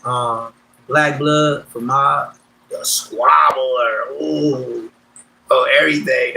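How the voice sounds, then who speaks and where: A man, talking in a loose, streetwise way on his livestream. His voice sits mid-pitch, and he swings between loud bursts and mumbled asides, with faint hiss behind him. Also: low-quality recording. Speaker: livestream host. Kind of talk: casual storytelling on a livestream.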